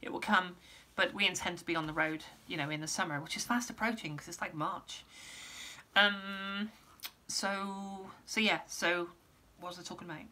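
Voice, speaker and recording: A woman, a musician giving a casual vlog update, rambling with many pauses and restarts, her voice going hoarse. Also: fairly low pitch, steady tone, pushed and bright. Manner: rambling, lots of ums and restarts. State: losing her voice, clearing throat.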